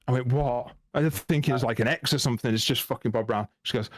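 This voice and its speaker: A man's voice: mid-range voice, steady tone, fast talker, dry recording, clean studio sound. A man on a podcast as a guest, telling a crude story in casual chat and laughing at his own punchlines. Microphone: remote call.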